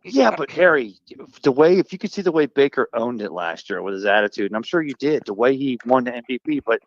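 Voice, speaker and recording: A man's voice: medium pitch, very animated, fast talker, no room sound, dull audio. A man speaking as a guest on a sports talk stream, telling long, rambling stories in an upbeat way.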